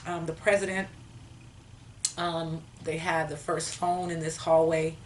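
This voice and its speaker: A woman telling a personal story in a casual, animated way, acting out her own past conversations. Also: low-pitched, a little slow, distant mic, a little hiss or hum, rough recording.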